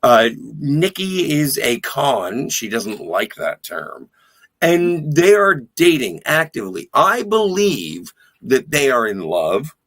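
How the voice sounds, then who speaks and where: A man's voice: medium pitch, very animated, takes it slowly, a bit bright. A man co-hosting a podcast, chatting enthusiastically about a TV episode with jokey, profane asides. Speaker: podcast co-host. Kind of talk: casual chat recapping a TV episode.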